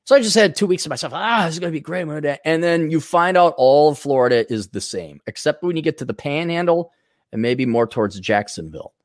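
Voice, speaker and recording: A man's voice: on the high side, animated, fairly quick, no echo. Sarcastic podcast guy swearing through a rant, voice jumps up and down a lot, dry close mic. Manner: profane, sarcastic ranting. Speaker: podcast host. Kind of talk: ranting podcast chat, reading donations.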